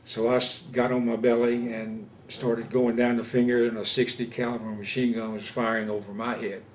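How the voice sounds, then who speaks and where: A man in his seventies from Louisiana, recounting his war experiences in an oral history interview, speaking haltingly with many pauses and fillers. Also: medium pitch, flat delivery, slight background noise. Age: 70s. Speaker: veteran interviewee. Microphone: interview camera setup.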